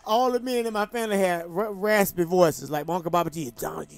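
A man's voice: high voice, brisk. A man hosting a talk show, telling stories in an emphatic, heated way with lots of restarts. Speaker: talk show host and former boxing champion. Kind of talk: casual talk show chat.

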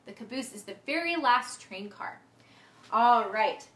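On a livestream from an echoey indoor room, a young woman teaches a music and movement class to little ones at a measured pace. Her voice sits on the high side, expressive and fairly bright, and she's playful and sing-song, often singing and leading vocal games.

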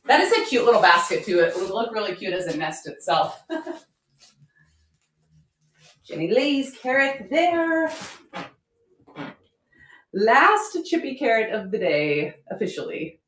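A chatty, upbeat woman with a bright, sing-song voice whose pitch bounces all over runs a live auction stream, joking as she sells. She speaks slowly with long pauses, and the recording has a noticeable roomy echo plus a little hiss or hum.

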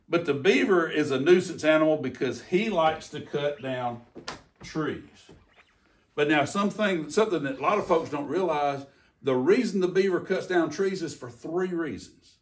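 An older man, a retired game warden giving a folksy, animated talk about wildlife for kids. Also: a little high, distant mic.

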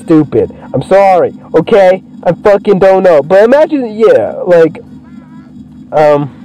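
A young man giving profane, excitable commentary while playing a video game. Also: on the high side, slow pace, lo-fi sound. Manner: profane, excitable, swears constantly. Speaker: gameplay streamer. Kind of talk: let's play commentary.

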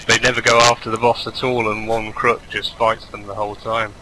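A man's voice: on the low side, level tone, moderate pace, a crowd in the background, poor audio. A man calling out enemy positions and giving practical directions in a casual game voice chat, with many fillers. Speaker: gamer, team caller. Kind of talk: casual voice chat while gaming.

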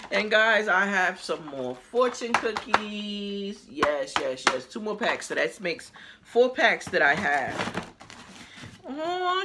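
A woman chatting casually to her viewers in a haul video, lively and exclamatory, talking straight to the camera and sometimes while chewing. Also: deep voice. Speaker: haul vlogger. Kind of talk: casual haul vlog chat.

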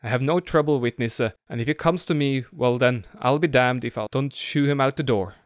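A man's voice: medium pitch, normal speed, no echo, studio quality, lightly acted. A man voicing a bold, hard-working young woman cook who speaks defiantly. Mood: brash. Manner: defiant, brash.

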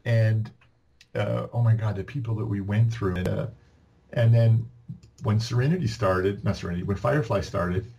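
A man's voice: fairly low pitch, normal speed, gravelly, dull audio. A Canadian-born man, a podcast guest, telling long casual stories with lots of restarts and quoted dialogue. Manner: rambling, many restarts, animated quoting. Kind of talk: casual storytelling.

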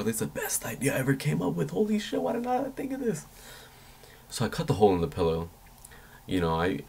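Young guy with a low voice rambling thru an embarrassing story, swears a lot, squeaks up high quoting himself. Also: darkish tone. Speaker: vlogger. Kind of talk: casual storytelling vlog.

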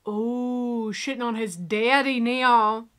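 Bright, high-voiced woman reacting. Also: slow. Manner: animated, exclaiming and joking aloud. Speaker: reaction video host. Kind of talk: casual reaction commentary.

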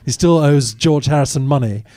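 A man's voice: medium pitch, normal speed, dark tone. A man, an actor as guest, telling candid, wry anecdotes in a live audience Q&A at a cinema. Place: cinema stage after a screening.

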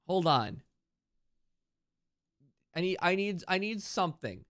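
A man streaming a video game live, thinking out loud and repeating himself, with sudden excited outbursts. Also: sits high, takes it slowly, long pauses. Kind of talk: live gameplay commentary.

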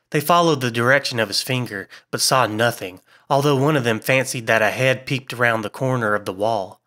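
A man giving a measured, scripted narration of a horror story as an audiobook reader. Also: mid-range voice, sharp tone.

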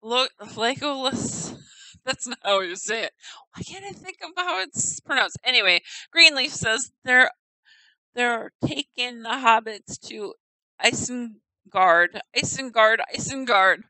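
Woman wandering a game house, chatty and giggly, thinks out loud, kinda slow and bright. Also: fairly high pitch, animated, dry recording, rough recording. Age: adult. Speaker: gamer touring a player-built house. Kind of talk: casual game commentary.

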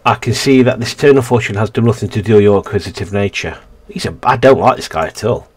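A man's voice: fairly low pitch, animated, brisk, a little mellow, slightly rough. A man casually reading a narrative game's text aloud and commenting, often stumbling and correcting himself. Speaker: let's-play gamer.

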